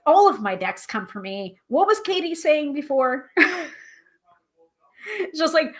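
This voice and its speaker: A woman's voice: high-pitched, sing-song. Chatty woman hosting a live tarot stream. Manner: chatty, self-deprecating, reads aloud from a guidebook with halting pronunciation. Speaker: tarot reader and livestream host. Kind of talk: casual live-stream chat and card reading.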